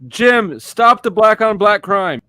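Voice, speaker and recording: Mocking man with a high bright voice. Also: slow pace, clear, resonant tone. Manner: mocking, joking interjections. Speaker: debate panelist. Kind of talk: heated live debate.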